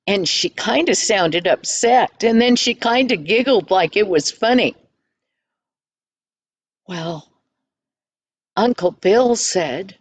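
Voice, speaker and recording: An older woman telling a children's story in a homely, gentle, folksy way. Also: mid-range voice, expressive, slow, pauses often, no echo.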